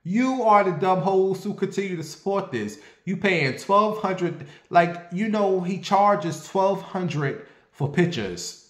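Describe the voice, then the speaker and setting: A man's voice: sits high, slow, reverberant. A man delivering a sassy, profane gossip rant in a casual online video. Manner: sassy, brash and profane, animated. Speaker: online commentator.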